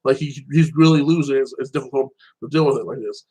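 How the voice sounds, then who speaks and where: A man's voice: medium pitch, quick pace, dark tone, husky, poor audio. A young man in casual solo chat, rambling about a TV show and padding his sentences with "like this" and "like that". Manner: rambling, fills with "like this" and "like that". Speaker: show commentator.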